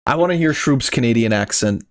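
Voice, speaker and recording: A man's voice: medium pitch, brisk, no echo, clean studio sound. A man chatting casually while playing a game with friends, joking, swearing and laughing a lot. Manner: laughing, swearing, excitable banter. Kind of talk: casual gaming chat.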